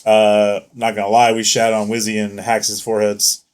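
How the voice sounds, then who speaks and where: A man's voice: fairly low pitch, monotone, moderate pace. Young male podcast co-host, casual storyteller, swears a lot, laughs often. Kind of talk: casual chat.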